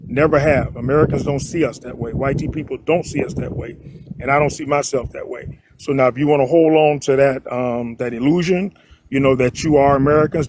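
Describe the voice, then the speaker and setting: A man debating on a live panel. He speaks slowly and deliberately, with pauses, at a middling pitch. A faint hiss sits under his voice. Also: a little mellow. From Miami.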